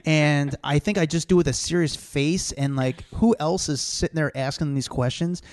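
A man's voice: fairly high pitch, moderate pace. A man co-hosting a podcast, telling rambling, slangy stories in casual chat. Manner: rambling, animated storyteller, slangy. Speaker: podcast co-host, celebrity street interviewer.

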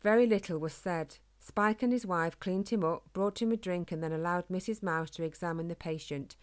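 A woman reading a children's storybook aloud in a calm, gentle, steady way. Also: fairly low pitch, normal speed. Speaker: narrator.

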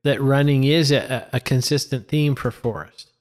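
Guy cohosting a movie podcast, mid pitch, wry jokey asides. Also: moderate pace, a little mellow. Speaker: podcast co-host. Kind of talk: casual film chat.

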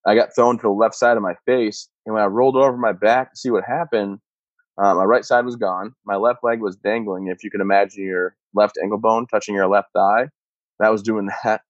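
A man in his thirties, a combat veteran, telling his own story in a steady, matter-of-fact way. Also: on the low side, brisk, no room sound. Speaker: interview guest, combat veteran. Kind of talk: personal storytelling. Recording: dull muffled sound, dry.

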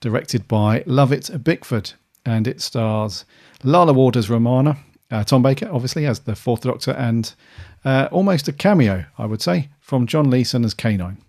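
A man's voice: mid-range voice, normal speed, darkish tone. A man in his late thirties hosting a podcast, chatting in a casual, meandering way with many fillers. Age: late 30s. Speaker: podcast host.

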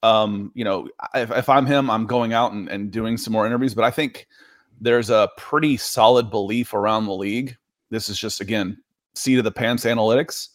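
A man's voice: fairly low pitch, moderate pace, no echo, clean studio sound. Rambling male sports commentator. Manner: rambling, restarts, animated opinions. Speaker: sports talk co-host and writer. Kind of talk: casual sports chat.

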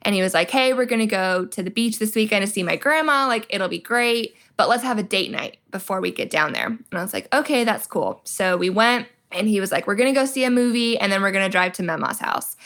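A woman's voice: mid-range voice, expressive, a little fast, few pauses, fairly bright tone. A young woman, a military spouse guest on a podcast, telling her story animatedly and acting out quoted dialogue with lots of "like". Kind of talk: casual storytelling interview.

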